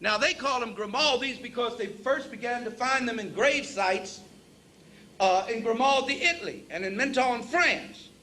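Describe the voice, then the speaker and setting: Forceful and bright, a very high-pitched male voice preaches to an audience at a normal speed, stressing his points through repetition and greeting listeners as brothers and sisters. The recording captures a spacious hall, an off-mic speaker, and light background hiss.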